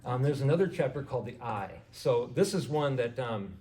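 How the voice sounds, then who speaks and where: A man's voice: mid-range voice, animated, moderate pace, a little mellow. A man giving a casual lecture to a garden club audience, talking conversationally, quizzing the listeners and often saying "you know". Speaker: garden club speaker and author. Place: indoor meeting hall with audience. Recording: echoey hall recorded from far off.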